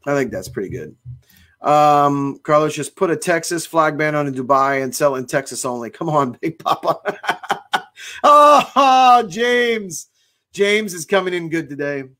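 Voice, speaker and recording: A chatty male host speaks with a fairly high voice. He reads viewer comments in an upbeat, exclaiming way during a casual livestream from a cigar shop. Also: lively intonation, normal speed, fairly bright tone. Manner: chatty and enthusiastic, exclaims often.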